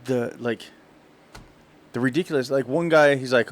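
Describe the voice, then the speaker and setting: A man co-hosting a podcast tells a long story in casual conversation, laughing often. His voice is mid-range and his pace moderate.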